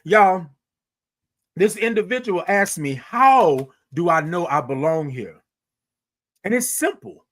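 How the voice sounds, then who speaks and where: A man with a high, light voice gives a motivational monologue on his morning show. He preaches to his listeners, calls them y'all and repeats key lines for weight. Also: lively intonation, slow, pauses often, a bit bright.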